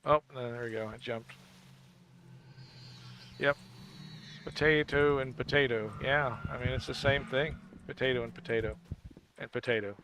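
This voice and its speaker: A man chats casually while he plays a game on stream, wandering from topic to topic and cracking puns. His voice sits at an ordinary middle pitch. A faint hiss of noise runs underneath. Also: fairly even intonation, normal speed, long pauses, fairly bright tone. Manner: jokey, rambling, laughs at own puns.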